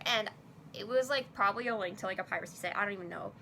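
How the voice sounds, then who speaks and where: A woman's voice: medium pitch, fairly even intonation, quick pace, vocal fry, fairly bright tone, a little hiss or hum. A young woman vlogger telling a personal story in a casual, chatty way, full of fillers, acting out both sides of a chat. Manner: chatty, many fillers, quotes herself and others.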